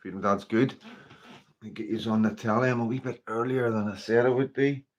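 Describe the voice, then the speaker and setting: A man's voice: mid-range voice, fairly even intonation, brisk, muffled recording. A man with a Northern Irish accent hosting a casual livestream, chatting to viewers and greeting them by name in a rambling, filler-heavy way. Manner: chatty, rambling, with frequent fillers like "you know" and "like". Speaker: livestream host.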